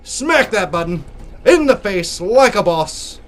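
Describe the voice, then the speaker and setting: A man's voice: high voice, very animated, takes it slowly, fairly bright tone. A young man with a sore throat giving jokey, theatrical let's play commentary as a gaming YouTuber.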